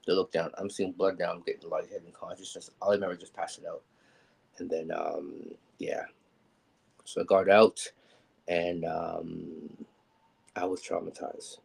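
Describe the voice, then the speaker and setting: Guy with a deep gravelly voice, rambling story, lots of ums, kinda husky. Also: flat delivery, normal speed, a little mellow, poor audio. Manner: rambling and candid, many ums, acts out quoted people. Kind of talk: personal storytelling on a live show.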